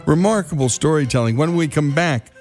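A man's voice: a little high, animated, a little fast, a little mellow, soft background music. A man hosting a radio show, wrapping up a segment with enthusiastic, emphatic commentary. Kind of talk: program wrap-up commentary.

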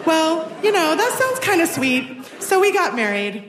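A woman's voice: very high voice, very animated, normal speed, over loud music. A woman in her forties telling a personal story on stage with wry, self-deprecating humor. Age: 40s.

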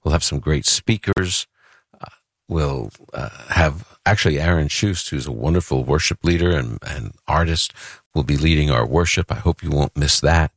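A man's voice: a bass voice, moderate pace, husky, no room sound, clean studio sound. A man from Brooklyn hosting a call-in radio show, chatty and earnest as he promotes an event and takes callers. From Brooklyn, New York. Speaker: radio host.

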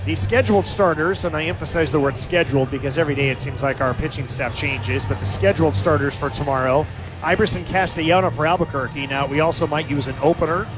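A man calling live baseball play-by-play as the team's announcer, giving steady, stat-heavy recaps of the game. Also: a little high, fast, over music.

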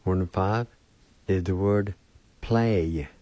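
Slow, deep-voiced man teaching words. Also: dark tone, dry recording. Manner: slow, careful spelling and pronouncing of words. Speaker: language teacher and radio host. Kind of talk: radio language lesson.

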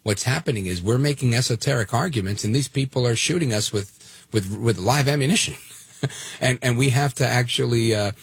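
A man hosting call-in talk radio, blunt and conversational with a gravelly voice. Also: mid-range voice, brisk, no echo. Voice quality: gravelly and husky. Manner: blunt, conversational, many fillers. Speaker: radio talk show fill-in host. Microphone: studio microphone.

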